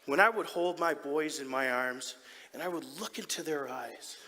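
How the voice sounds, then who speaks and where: An actor playing a doting, proud middle-aged hockey dad in a theatrical stage monologue, telling his story in an animated, heartfelt way with sudden soft drops. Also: a little high, moderate pace, a little hiss or hum. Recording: long theatre hall reverb.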